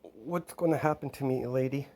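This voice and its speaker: A small, terrified girl calls out in a high, plaintive voice, as a man puts her on. She sounds lost and pleading, her voice pitched far above a grown man's. It comes from a homemade storytelling video. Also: moderate pace, background noise, natural voice. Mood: tearful. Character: scared little girl, crying and clinging.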